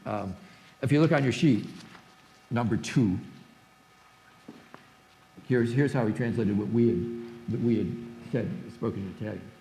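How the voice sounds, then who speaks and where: A man in his seventies giving a church forum lecture, halting with many restarts and reading verse aloud. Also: fairly low pitch, vocal fry, dark tone, reverberant, faint music behind, poor audio. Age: 70s. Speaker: guest lecturer. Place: church hall, echoey.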